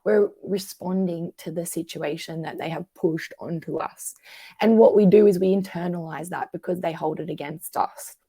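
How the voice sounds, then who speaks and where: A woman's voice: fairly low pitch, normal speed, husky, no echo, studio quality. A woman therapist in a conversational podcast, explaining patterns and acting out what people say. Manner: acts out quoted voices, animated.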